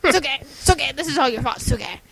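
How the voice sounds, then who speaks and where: A woman's voice: high-pitched, animated, rapid-fire, creaky, a bit bright, slight background noise, voice pushed up, exaggerated voice. A woman voicing a brooding male vampire lover with an old English accent, repeating a soothing phrase over and over.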